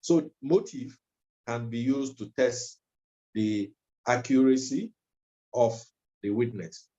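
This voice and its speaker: Slow, mellow man lecturing. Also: mid-range voice. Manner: measured, with frequent ums and uhs. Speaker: legal trainer. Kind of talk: training lecture. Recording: dull lo-fi recording.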